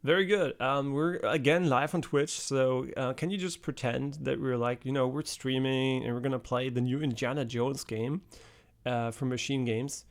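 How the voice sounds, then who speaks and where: A man's voice: mid-range voice, steady tone, moderate pace. A man streaming a video game live, chatting casually with many fillers and swear words.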